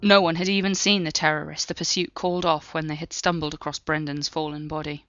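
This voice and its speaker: Low-voiced woman reading a thriller story. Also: dry recording, lo-fi sound. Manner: steady, measured reading. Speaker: audiobook narrator. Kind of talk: scripted narration.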